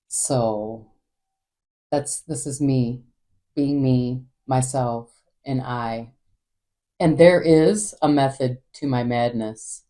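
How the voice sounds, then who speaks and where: A woman's voice: rumbling low, dark tone. A woman hosting her own podcast, talking alone in a candid, rambling way and swearing freely. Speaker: podcast host. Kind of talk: casual solo monologue.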